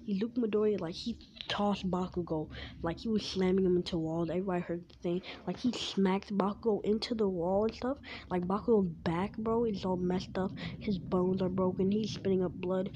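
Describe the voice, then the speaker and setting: A woman's voice: lowish voice, fairly quick, dark tone. A woman telling a fan story in a rambling, casual way, full of "like" and restarts. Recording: dull lo-fi with faint hiss.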